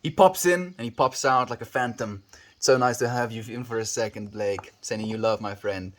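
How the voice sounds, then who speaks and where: A man's voice: mid-range voice, a little fast. Earnest male livestreamer greeting chat. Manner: greets viewers by name and reads chat aloud; earnest, affectionate, with soft sighs.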